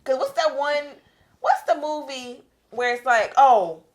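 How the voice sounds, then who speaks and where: A woman's voice: high-pitched, expressive, a little slow. A young woman co-hosting a podcast, chatting casually in a blunt, rambling way. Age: young adult. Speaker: podcast co-host. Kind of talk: casual chat.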